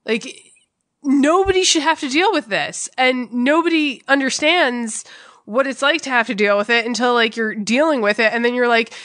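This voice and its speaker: Bright-voiced woman venting bluntly. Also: a little high, moderate pace, no room sound, studio quality. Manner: emotional, blunt and profane. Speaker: podcast co-host. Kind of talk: candid conversational storytelling.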